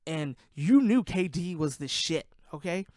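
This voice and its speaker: A man's voice: fairly high pitch, animated, a little slow, darkish tone, no room sound, clean studio sound. A man hosting a casual sports podcast, ranting in a heated, profane way, worked up and sweating. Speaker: podcast host.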